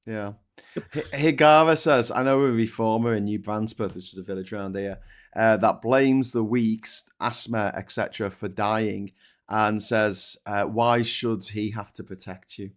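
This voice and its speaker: Brief: blunt, swearing British co-host, low-ish voice, rambling live chat. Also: male voice, fairly even intonation, moderate pace. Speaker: co-host reading viewer comments. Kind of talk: casual live-stream chat.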